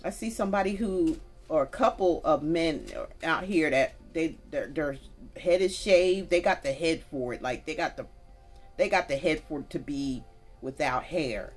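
Woman, low register, tarot reader; casual, folksy, direct to viewers, faint music underneath. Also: moderate pace. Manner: chatty, folksy, talks straight to viewers with y'all. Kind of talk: casual spoken tarot reading.

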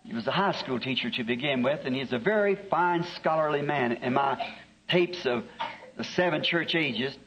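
Husky preacher on old tape. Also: male voice, medium pitch, animated, fairly bright tone. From American South. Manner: homespun, chuckling, drawn-out anecdotes. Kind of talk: folksy storytelling sermon. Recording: dull lo-fi archive tape.

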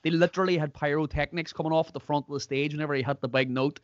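A man's voice: on the high side, racing, no echo, lo-fi sound. An Irish man hosting a podcast, chatting casually and acting out the people in his stories. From Ireland. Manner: animated storyteller, acts out quotes. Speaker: podcast host. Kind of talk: casual chat.

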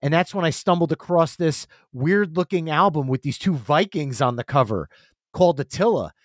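Animated man telling stories, dry sound. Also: fairly high pitch, moderate pace, dry recording. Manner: animated storyteller, acts out quotes. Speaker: podcast guest. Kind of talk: casual storytelling.

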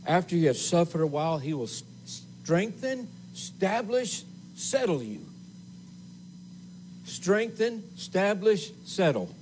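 A man preaching a sermon as assistant pastor in a church, slow and emphatic, with repeated phrases and pauses. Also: fairly high pitch, big pitch swings, darkish tone, a little hiss or hum, rough recording. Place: church sanctuary.

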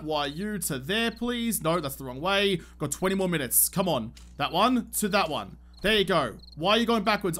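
A man's voice: high voice, a bit bright. Frantic man narrating gameplay. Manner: frantic and swearing, talking to himself. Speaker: gaming channel host. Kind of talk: live gameplay commentary.

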